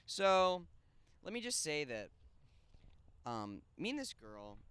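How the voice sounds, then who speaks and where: A young man co-hosting a podcast, telling a crude story in casual chat, animated and jumping from loud bursts to mumbled asides. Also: on the high side, takes it slowly, clear, resonant tone, no echo. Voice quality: crude, joking banter. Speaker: podcast co-host.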